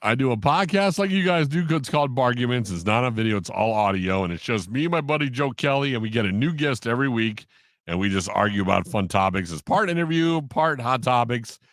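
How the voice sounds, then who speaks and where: A man tells stories as a guest on a sports podcast. His pitch swings widely as he acts out the voices of the people in his stories. He is recorded close on a dry mic. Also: fairly quick, no room sound. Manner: animated storyteller, acts out quotes, laughs often. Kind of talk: casual storytelling in an interview.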